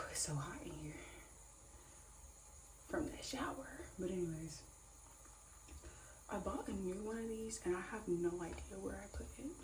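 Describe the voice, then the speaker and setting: A woman's voice: on the low side, mellow. Girl rambling thru her day on a vlog, kinda echoey room, faint hum behind. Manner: chatty and rambling, repeats herself. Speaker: vlogger. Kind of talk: casual vlog chat to camera. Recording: roomy echo with faint ambience.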